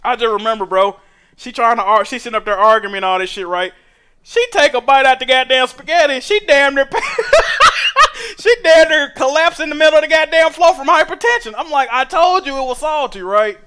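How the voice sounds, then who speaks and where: A young man streaming a game, telling stories in animated, profane slang. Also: very high voice, fast. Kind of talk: casual chat while gaming.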